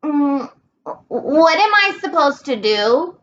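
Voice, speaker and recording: An earnest young schoolboy, read aloud by a woman answers in a plain, matter-of-fact way. His storybook voice is raised and lively. The recording is slightly muffled. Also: sits high, slow pace, voice pushed up, full character voice.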